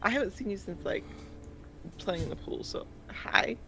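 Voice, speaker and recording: A woman's voice: medium pitch, lively intonation, moderate pace, vocal fry, sharp tone, a little hiss or hum. A woman playing her character in a tabletop game, playful and emphatic. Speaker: player. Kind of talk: in-character role-play.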